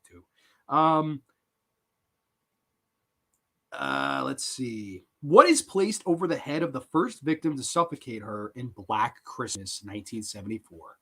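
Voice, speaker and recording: A man hosting a live horror trivia stream, reading questions and reacting to chat answers with excitable, swearing banter. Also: mid-range voice, breathy edge. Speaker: host.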